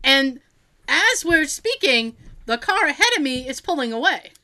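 High, lively woman telling a story. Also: measured pace. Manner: animated, acts out quotes of others, laughs often. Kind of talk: casual podcast chat.

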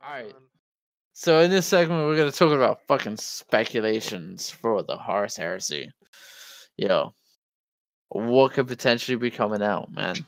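A man with a New Jersey accent chats loosely on a podcast with a smooth, clean voice. The sound is dry and close, with no room around it. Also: medium pitch, animated, normal speed, dry recording. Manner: loose and casual, says "yo" and "like", restarts. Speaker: podcast co-host. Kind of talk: casual chat.

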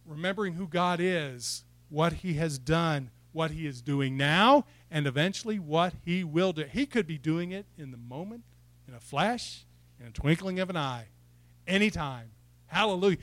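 A man's voice: fairly high pitch, lively intonation, measured pace, a bit bright, no room sound. A man preaching a sermon in church, building to fired-up exhortation and asking the congregation questions. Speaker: pastor.

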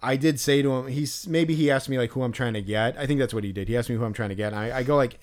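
A man's voice: medium pitch, fast talker, hardly any pauses, a little mellow. A man co-hosting a podcast, in casual chat, ranting and swearing a lot. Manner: profane, ranting. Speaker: podcast co-host.

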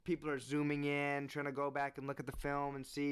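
A man giving earnest, animated opinion commentary on sports, rising in pitch when he presses his point. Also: a little fast, smooth.

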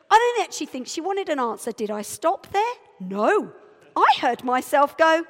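A middle-aged woman preaching a sermon, telling a story with lively, self-mocking acted-out dialogue. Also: high-pitched, moderate pace. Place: church. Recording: church hall reverb.

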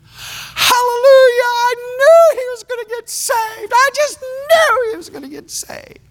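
An overjoyed woman from the congregation, crying high and loud as she praises God, put on by a male preacher. Her voice leaps far above his usual pitch and shakes with tears. It is a quick quoted voice within a sermon story. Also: expressive, exaggerated voice. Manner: high crying cry of joy. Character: excited tearful woman church member.

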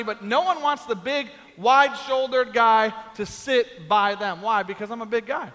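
A man preaches in a big church hall, spinning a comic story and acting out every quoted voice. His voice sits very high and sounds bright and forceful. A long reverb trails behind his words. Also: normal speed, few pauses. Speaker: pastor. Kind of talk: sermon storytelling.

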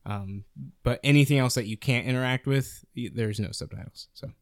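A young man casually chatting about video games as a podcast co-host, rambling and animated with lots of fillers. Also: mid-range voice, moderate pace, dry recording, clean studio sound.

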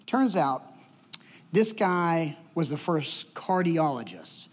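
A man with a high voice tells a story from the pulpit, animated and quick to act out what others said. His words ring with a long reverb in a large hall. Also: husky. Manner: animated storytelling, acts out quotes. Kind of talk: sermon with personal story.

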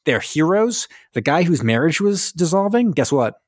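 With a slightly high voice at a moderate pace, this podcast co-host casually walks through a war film's story. He's animated, acting out characters' dialogue, swearing and laughing. Clean studio sound with no room tone.

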